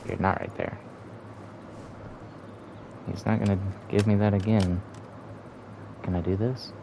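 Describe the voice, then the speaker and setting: Deep, gravelly young male streamer. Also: little pitch movement, measured pace, noisy background. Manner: laid-back, hums and scats between remarks. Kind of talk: casual gameplay commentary.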